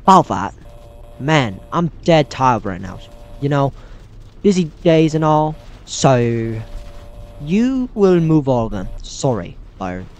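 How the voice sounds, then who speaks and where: A man voicing a friendly man in a game, in a put-on British accent, with a slow, drawn-out delivery. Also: medium pitch, sing-song, darkish tone. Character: friendly adult man who offers a house. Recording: slightly dull game recording with faint music.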